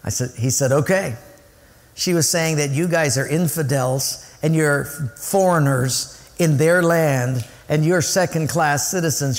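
A man preaching a sermon as pastor, storytelling and acting out the voices of people he quotes. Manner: animated, acts out quoted voices with big pitch jumps. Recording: long hall reverb.

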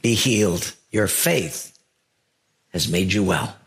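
A preacher dropping into a calm, solemn divine voice, lower than his usual and gravelly at the bottom. He speaks slowly and with weight, as if giving a blessing. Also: heavily acted. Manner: slow, low, measured.

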